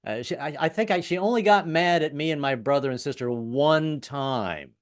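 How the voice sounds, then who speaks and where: A man's voice: fairly high pitch, normal speed. A man in his fifties doing a self-deprecating stand-up routine over a video call, with wry punchlines and stammered restarts. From US, moved around incl. the South. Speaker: stand-up comedian.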